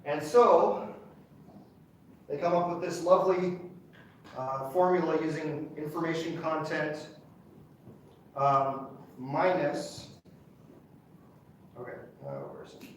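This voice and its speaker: A man's voice: a little high, slow pace, pauses often, distant mic, slight background noise. A man lecturing a university class, chatty and enthusiastic, checking in with the students. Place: large lecture hall. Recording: very echoey lecture hall recorded from afar.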